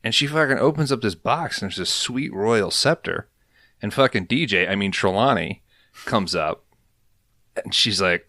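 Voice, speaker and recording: A man hosting a podcast, recapping an episode in an animated, casual storytelling way with a lot of swearing. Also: on the low side, moderate pace, no room sound, clean studio sound. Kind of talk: casual chat.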